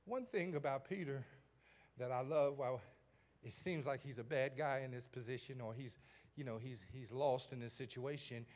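A man's voice: mid-range voice, normal speed, darkish tone. A man preaching a sermon, stammering through repeated words and building to fervent, rising climaxes.

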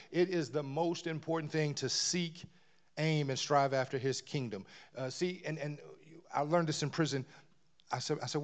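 A preacher whose voice sits a little high moves from hushed near-whispers to booming, emphatic bursts, repeating words again and again as the sermon builds.

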